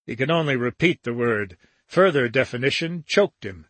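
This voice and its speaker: A man reading a novel aloud as an audiobook narrator, steady and even. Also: medium pitch, moderate pace, slightly rough, no echo.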